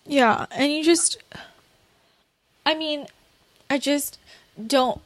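A woman's voice: high voice, steady tone, extremely slow, no room sound. A young woman hosting a candid conversation, talking bluntly and ramblingly with many fillers and laughing through tears.

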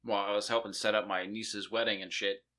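Bright-voiced, swearing storyteller man. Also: fairly low pitch, flat delivery, a little fast. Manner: profane, rambling storyteller. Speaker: podcast host. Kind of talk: casual chat.

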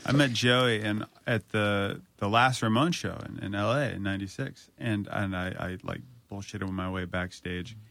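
A man's voice: fairly low pitch, normal speed, creaky, few pauses, a bit bright, dry recording. A man hosting a casual podcast chat, telling self-mocking stories and quoting himself.

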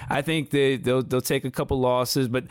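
Animated stammering man, dry sound. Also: mid-range voice, moderate pace, clear, resonant tone, dry recording. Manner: animated, stammering restarts, slangy. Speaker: podcast co-host. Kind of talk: casual wrestling chat.

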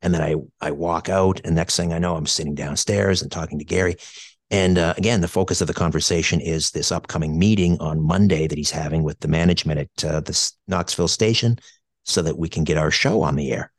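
A middle-aged man from Canada with a deep, low voice recounts a personal memory at length. He hesitates, restarts and fills pauses as he thinks back. The sound is dry and close, with no room echo. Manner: hesitant and reflective, many fillers and restarts. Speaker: radio show co-host. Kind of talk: personal storytelling.

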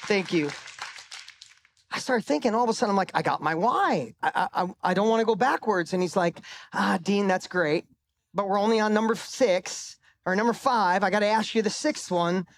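A man's voice: high voice, moderate pace. Emphatic man telling a stage story. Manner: emphatic storytelling, swearing, voice rising for punchlines. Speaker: motivational speaker. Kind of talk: live motivational stage talk. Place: live event stage.

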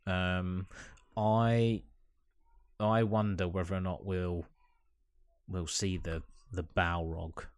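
Slow, deep-voiced hesitant man. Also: flat delivery, clear, resonant tone, dry recording, clean studio sound. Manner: hesitant, halting, repeats words. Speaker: podcast co-host. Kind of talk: casual chat.

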